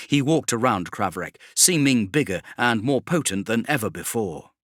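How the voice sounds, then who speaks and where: A man narrating a bedtime sci-fi audiobook, his pitch moving in a lively way through the action. The tone is bright and crisp. The recording is dry and close, with no room sound. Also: normal speed, hardly any pauses, no room sound.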